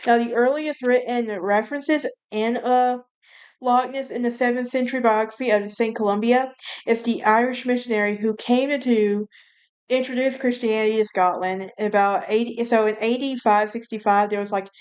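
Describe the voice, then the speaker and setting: A woman's voice: fairly high pitch, fairly even intonation, normal speed, darkish tone, clear, resonant tone. A woman hosting a casual solo podcast, telling a story in a rambling way, often correcting herself and laughing at her own telling. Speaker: podcast host.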